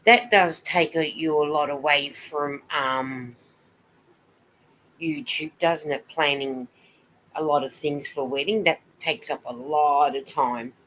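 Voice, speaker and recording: Woman with a deep-set voice for a casual live stream; chatty, rambling, greets viewers by name while she knits. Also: steady tone, slow, a bit bright, a little hiss or hum, poor audio. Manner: chatty and rambling, greeting viewers and reading their comments aloud. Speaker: knitting vlogger hosting a live stream.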